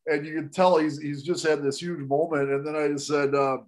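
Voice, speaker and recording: A man telling a long story on a podcast, animated, with quick restarts and laughs along the way. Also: on the high side. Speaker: guest storyteller.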